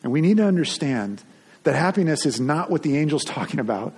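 Husky-voiced man preaching conversationally. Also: a little high, very animated, brisk, a little mellow. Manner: conversational, with frequent restarts and repeated words. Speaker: pastor. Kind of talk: sermon.

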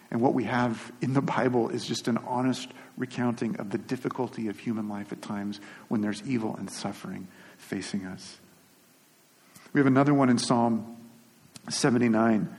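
An earnest male pastor speaks in a relaxed, conversational sermon and stumbles over and repeats words as he goes. His voice sits at an ordinary pitch. It rings out with the long reverb of a large hall.

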